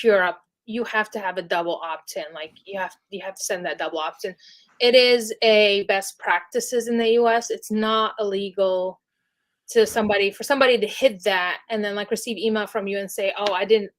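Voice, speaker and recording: A woman's voice: medium pitch, fairly bright tone. A woman guest on a podcast, explaining things in a casual, chatty way full of "like" and "you know". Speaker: podcast guest, email deliverability specialist. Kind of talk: casual interview chat.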